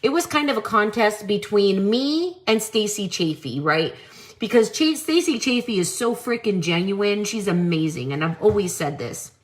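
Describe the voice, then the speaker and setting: A woman's voice: medium pitch, lively intonation, normal speed. A woman hosting a live-selling show, ranting on her stream with mocking, exasperated disbelief and free swearing. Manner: swears freely.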